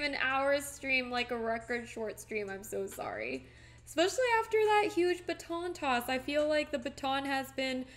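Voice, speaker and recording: A woman with a high, light voice chats through a live stream as she paints. She swings into playful, mock-tearful melodrama. Soft music plays faintly behind her. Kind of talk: casual live-stream chat while painting.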